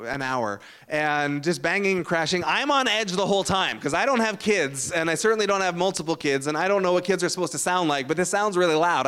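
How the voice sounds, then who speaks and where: Casting: male pastor, 30s, high clear voice, relaxed storytelling sermon. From Canada. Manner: storytelling, conversational with uh fillers.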